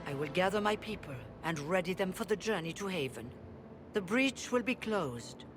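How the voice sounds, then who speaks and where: An actor voicing a solemn, measured leader of rebel mages in a video game. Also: medium pitch, animated, over music, lightly acted.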